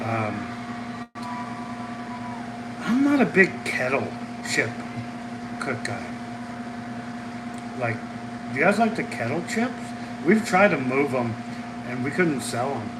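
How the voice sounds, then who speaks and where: Heavy background noise surrounds this medium-pitched man as he livestreams from a soccer venue's concession stand. He's from the Midwest and keeps things casual, responding to viewers' questions in chat.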